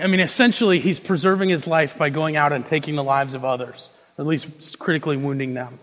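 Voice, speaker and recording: A young man preaching a sermon, moving between hushed intensity and loud, emphatic delivery. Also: fairly high pitch. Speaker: pastor. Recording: long reverb of a large hall.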